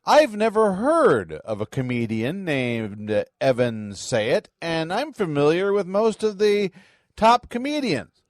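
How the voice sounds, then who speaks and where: A man's voice: a little high, big pitch swings, slow, no echo, studio quality. A man hosting a political commentary podcast, talking in a sarcastic, mocking way. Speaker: podcast host.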